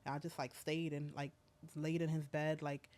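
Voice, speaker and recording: A woman in her thirties, a school principal, talking in a soft, halting way with many fillers during an emotional interview conversation. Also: deep voice, flat delivery.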